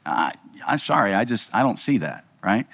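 A man's voice: lowish voice, very animated, moderate pace, vocal fry, fairly bright tone, big-room sound. A man preaching a sermon in a conversational way, asking rhetorical questions and checking in with his listeners. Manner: conversational, asks rhetorical questions with frequent "right?". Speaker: pastor.

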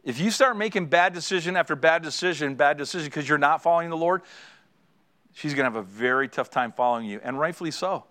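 A man's voice: a little high, quick pace, a bit bright. A middle-aged man preaching a sermon as a pastor, earnest and exhorting, driving points home with repeated phrases.

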